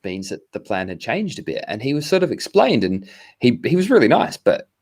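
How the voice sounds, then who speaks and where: A man's voice: mid-range voice, wildly swooping pitch, a little fast, darkish tone. An Australian man, co-host of a car podcast, telling a long rambling story in casual chat over a video call. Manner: rambling storyteller, quotes others in asides.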